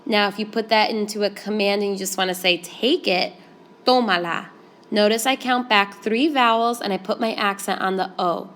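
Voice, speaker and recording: A woman's voice: medium pitch, brisk, hardly any pauses. Woman explaining Spanish grammar step by step. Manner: clear, explanatory, steady step-by-step pacing. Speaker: Spanish teacher. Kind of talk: classroom grammar lesson.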